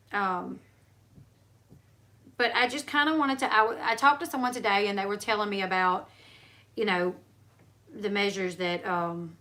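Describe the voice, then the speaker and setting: A woman's voice: mid-range voice, sharp tone. A woman hosting a casual livestream chat, telling rambling stories with many fillers and restarts. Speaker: livestream host.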